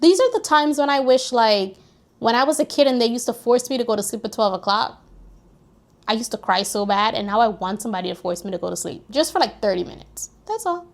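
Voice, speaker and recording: Young woman vlogger with a high voice; animated, preachy advice straight to her viewers. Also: quick pace, vocal fry. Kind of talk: casual advice monologue. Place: New York, recording outdoors near street traffic.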